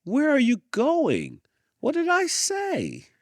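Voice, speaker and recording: A man voicing a pushy grown woman dance instructor in a fussy, exaggerated falsetto. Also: wildly swooping pitch, slow pace, dry recording, studio quality, exaggerated voice. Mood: exasperated.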